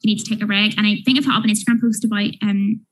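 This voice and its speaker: A woman's voice: mid-range voice, steady tone, rapid-fire, slight background noise, poor audio. A young woman, chatting casually as a podcast guest, full of fillers. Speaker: guest, small business owner.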